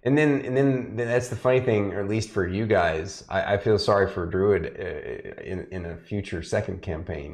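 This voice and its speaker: A man's voice: low-pitched, gravelly. A man hosting a live tabletop game stream, chatting casually and laughing often. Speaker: game master and stream host.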